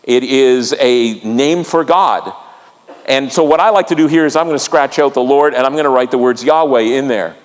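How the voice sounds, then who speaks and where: A man's voice: mid-range voice, normal speed. A male pastor preaching a sermon with vivid storytelling, drawing the congregation into the reading. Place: church sanctuary. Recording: long reverb of a church sanctuary.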